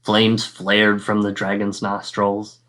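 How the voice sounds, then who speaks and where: A male fourth-grade teacher reading a children's picture book aloud, with expressive storytelling and acted-out sound effects. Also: fairly low pitch, slow.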